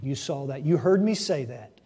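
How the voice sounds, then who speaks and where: A man preaching a sermon to his congregation, asking rhetorical questions and swinging between hushed and loud delivery. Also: mid-range voice, lively intonation, moderate pace, husky.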